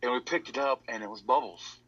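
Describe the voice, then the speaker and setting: A man's voice: medium pitch, a little fast, fairly bright tone, slightly rough, no room sound. A man telling a rambling story, repeating "he said" over and over. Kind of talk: casual storytelling. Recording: dull lo-fi audio.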